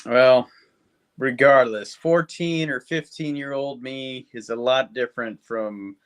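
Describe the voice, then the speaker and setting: A man's voice: mid-range voice, takes it slowly, clean tone. A man in his fifties co-hosting a podcast, reviewing movies in rambling, profane casual chat. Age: 50s. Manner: rambling and profane, with lots of fillers. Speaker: podcast co-host.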